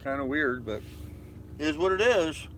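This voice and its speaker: A man in his late fifties with a slightly raised voice talks casually on his sailboat at anchor, tired and yawning. He rambles from one subject to the next and replies to viewers' comments in a relaxed way. Faint noise sits behind him. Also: fairly high pitch, unhurried. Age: 50s. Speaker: sailing vlogger reading live chat. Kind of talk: casual live-stream chat.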